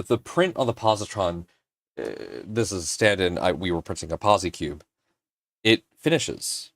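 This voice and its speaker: A man's voice: on the low side, a bit bright, no echo, studio quality. A man hosting a livestream, telling an emotional story in a casual way, swearing now and then and getting choked up. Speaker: livestream host.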